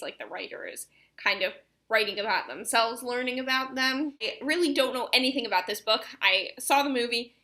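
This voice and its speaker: A chatty young woman talks about her reading plans in a relaxed vlog. Her voice is bright and sits a bit high. She rambles, trails off and restarts her sentences. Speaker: book vlogger. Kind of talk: casual chat.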